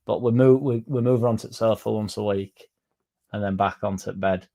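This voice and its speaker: A man hosting a fan livestream, rambling through deadpan jokes and chatting to the chat. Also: fairly low pitch, brisk, vocal fry. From Leeds, England. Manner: rambling deadpan joking, dropped articles. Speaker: fan channel livestream host. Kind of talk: casual livestream chat reading the chat.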